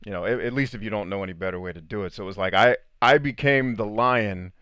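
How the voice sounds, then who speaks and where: A man's voice: on the low side, a bit bright, clean tone, no room sound, studio quality. A man hosting a podcast who talks candidly and loosely and swears casually. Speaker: podcast host.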